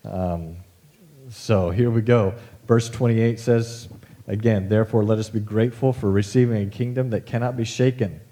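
Low, mellow-voiced man preaching casually. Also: fairly even intonation, normal speed. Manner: conversational, folksy, with asides and fillers. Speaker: pastor. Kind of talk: casual sermon.

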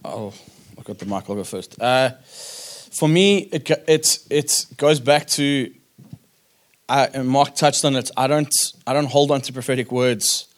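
A man's voice: mid-range voice, a little slow. A man on a church conference panel, speaking earnestly and repeating words while he gathers his thoughts.

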